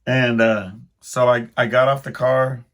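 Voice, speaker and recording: A podcast host, this man rambles through a self-deprecating story, restarting often in his casual speech. He speaks at a measured pace with a medium pitch and a level tone.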